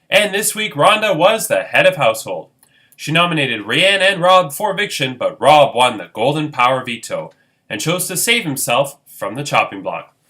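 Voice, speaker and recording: A man's voice: on the high side, pushed and bright. A man hosting a homemade game show in a goofy, irreverent way with playful asides. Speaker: host.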